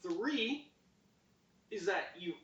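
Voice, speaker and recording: A man's voice: high-pitched, extremely slow. A young man from Canada co-hosting a podcast, telling stories in a casual, ranting way. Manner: animated storyteller, ranting. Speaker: podcast co-host. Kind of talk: casual chat. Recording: echoey room, distant muffled mic.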